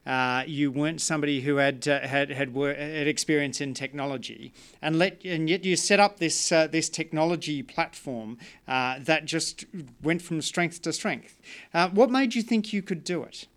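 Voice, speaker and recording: A male interviewer asks his questions in a hesitant way, with plenty of fillers. His voice is smooth and resonant and sits a little high. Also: normal speed, a bit bright. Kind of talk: conversational interview.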